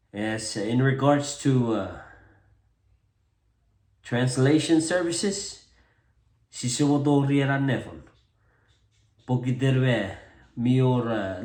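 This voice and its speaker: Chuukese-accented man, casual and echoey. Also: medium pitch. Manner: relaxed, self-deprecating, hesitant with many fillers. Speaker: vlogger introducing himself as a translator. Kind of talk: casual to-camera talk mixing English and Chuukese.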